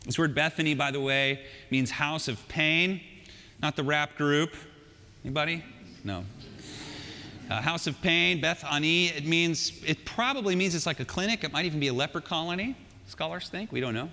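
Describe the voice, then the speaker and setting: A male pastor delivering a sermon in a church, conversational and animated, with joking asides. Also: fairly high pitch. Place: church sanctuary. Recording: long hall reverb.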